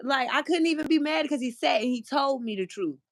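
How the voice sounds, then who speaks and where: A woman's voice: sits high, expressive, a little fast. A woman guest in casual chat, telling personal stories in an earnest, reflective way. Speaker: podcast guest.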